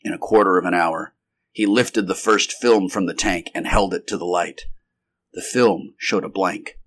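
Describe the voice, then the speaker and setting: Man, low voice, steady measured narration, unrehearsed story reading.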